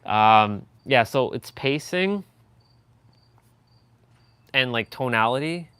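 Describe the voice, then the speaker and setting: A man's voice: medium pitch, lively intonation, takes it slowly, a bit bright, smooth, dry recording. A man hosting a live stream and giving casual feedback on speaking. He talks loosely with many fillers and restarts, and pushes his voice up and down to demonstrate. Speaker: live stream host coaching a viewer on speaking.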